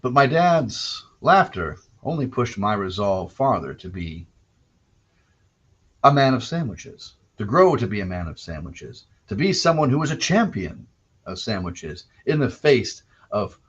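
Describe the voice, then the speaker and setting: Husky man telling rambling anecdotes. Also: fairly low pitch, very animated, a little slow, a bit bright. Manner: digressive, self-correcting, wry. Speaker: podcast host. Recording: dull lo-fi recording.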